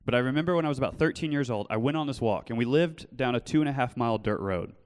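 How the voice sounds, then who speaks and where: A pastor with a mid-range voice talks fast as he delivers a sermon built around personal testimony, his words echoing through a church hall. He is earnest throughout, moving from loud storytelling into soft pleading.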